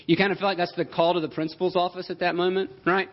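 Guy preaching a sermon, kinda high voice, emphatic and chatty, dull muffled recording. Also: flat delivery, quick pace. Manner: emphatic, conversational preaching with rhetorical questions. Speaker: pastor. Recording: dull lo-fi sound.

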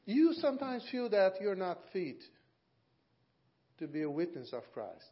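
Animated male preacher, lo-fi. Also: unhurried. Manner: animated, acts out quoted voices with big pitch jumps. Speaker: guest preacher. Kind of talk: sermon. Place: church. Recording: dull lo-fi church audio recording.

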